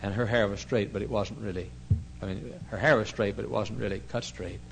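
A male pastor telling a story in a sermon, swinging from hushed to loud. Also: lowish voice, steady tone, brisk, vocal fry, faint music behind, low-quality recording.

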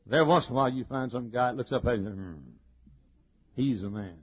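A male pastor preaching a folksy, joking sermon, chuckling often and swinging between loud and soft. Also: mid-range voice, slightly rough. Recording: dull lo-fi sermon recording.

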